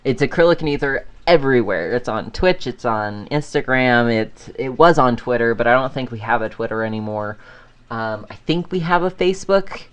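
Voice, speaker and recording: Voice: medium pitch, lively intonation, moderate pace, smooth. A podcast host chatting casually on their own, rambling and laughing often. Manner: frequent fillers and restarts. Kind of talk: casual solo chat.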